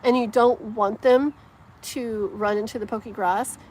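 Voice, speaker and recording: A woman's voice: fairly high pitch, steady tone, a little slow, a little mellow, a little hiss or hum. Gushing woman chatting outdoors on a livestream. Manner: effusive, gushing, many fillers. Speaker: tarot livestream host. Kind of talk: casual live-stream chat reading comments. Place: outdoors, wind and passing traffic.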